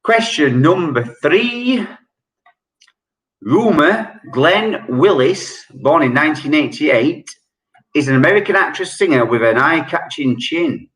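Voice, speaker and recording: A man hosting an online quiz, chatty and joking, reading each question slowly and repeating it. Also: fairly high pitch, lively intonation, a bit bright. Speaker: quiz host. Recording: echoey room.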